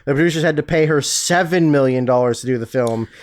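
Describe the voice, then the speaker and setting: A man's voice: medium pitch, quick pace, darkish tone. A man co-hosting a casual film podcast, reading out trivia with dry jokey asides. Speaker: podcast co-host.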